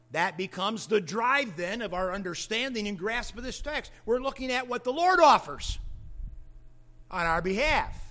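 A man preaches a verse-by-verse sermon in a slow, deliberate cadence. His voice sits fairly high and bright, and he leans hard on single words, rising and then dropping low for emphasis. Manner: deliberate, emphatic phrasing with dramatic drops and rises. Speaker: pastor. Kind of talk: expository sermon.

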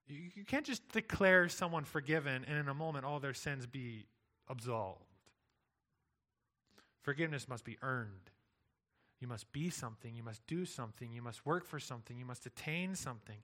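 A man's voice: medium pitch, normal speed, bright, forceful tone. A pastor preaching a sermon, earnest and emphatic, driving his points home with rhetorical questions.

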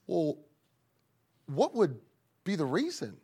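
A man preaching a sermon to young people, emphatic, swinging between loud pleading and hushed asides. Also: a little high, huge pitch swings, measured pace, pauses often, husky. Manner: speaks directly to young people in the congregation.

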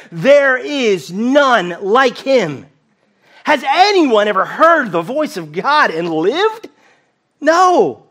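A man preaching a sermon as pastor, earnest and emphatic, slowing down to repeat key phrases. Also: high voice, a bit bright.

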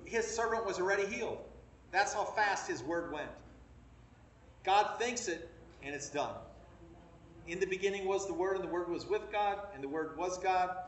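A man's voice: high voice, moderate pace, long pauses, a little hiss or hum. A man preaching a sermon to a congregation and reading scripture aloud, building his emphasis as he goes. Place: room with a congregation. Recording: echoey room, mic at a distance.

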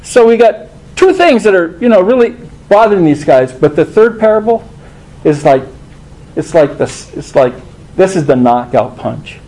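A man's voice: high-pitched, sing-song, moderate pace, mellow, poor audio. A man preaching a sermon, conversational and emphatic, asking rhetorical questions.

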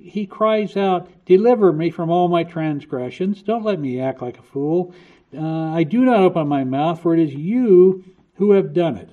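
A man's voice: high voice, warm tone. A man preaching a sermon, earnest, often restarting and repeating his words. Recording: dull lo-fi recording.

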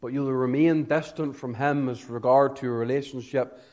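Preaching an evangelistic message at normal speed with a steady tone, a man alternates hushed, low-voiced moments with booming, emphatic peaks, lingering on key words.

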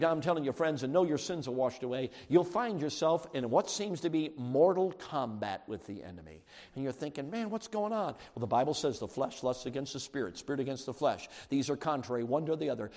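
A man preaching a sermon as pastor, shifting from quiet asides to shouted peaks. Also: medium pitch. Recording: long hall reverb.

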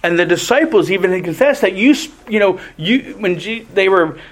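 A man preaching a sermon in a deliberate, emphatic way, often restarting his phrases. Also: high-pitched, animated.

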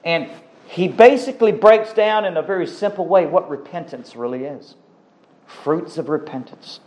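A man's voice: on the high side, normal speed, a little mellow, low-quality recording. Emphatic male preacher. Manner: emphatic, repeats words for stress. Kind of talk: sermon.

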